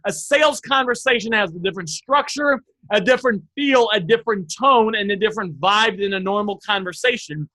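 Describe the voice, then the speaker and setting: A man coaching viewers live on sales talk, energetic and emphatic, asking them questions directly. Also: high voice, a little fast. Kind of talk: live online sales lesson.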